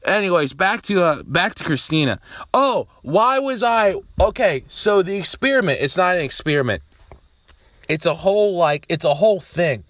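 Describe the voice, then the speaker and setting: A young man talking to camera in a loose, rambling way, swearing freely and breaking into loud outbursts. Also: high voice, animated, normal speed, no echo, clean studio sound. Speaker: vlogger. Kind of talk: casual rambling monologue.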